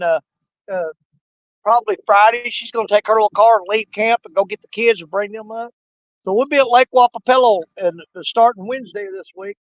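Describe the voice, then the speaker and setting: On a river outdoors, an older man from Missouri hosts a fishing livestream, casually joking with viewers, folksy and quick to laugh. His voice sits high, and the lo-fi recording has no room sound.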